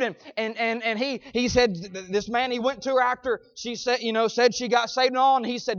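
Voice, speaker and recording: A male preacher delivering an emphatic sermon, punctuating his points with "Amen?" and swinging from shouts to quiet asides. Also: very high-pitched, steady tone, fairly quick, few pauses, no echo. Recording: dull, dry lo-fi recording.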